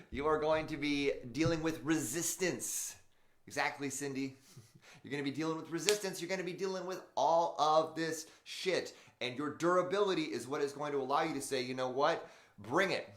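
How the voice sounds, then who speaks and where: A man's voice: on the high side, fairly bright tone. A man hosting an unscripted motivational live stream, speaking emphatically, swearing and talking to his viewers. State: in pain, wearing back brace. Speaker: motivational show host. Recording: roomy echo.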